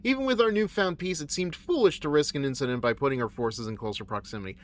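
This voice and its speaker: A man's voice: on the high side, quick pace, close to an everyday voice. A man voicing a formal female alien fleet admiral, reading her message aloud in a stately tone with a made-up accent. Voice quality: odd put-on accent.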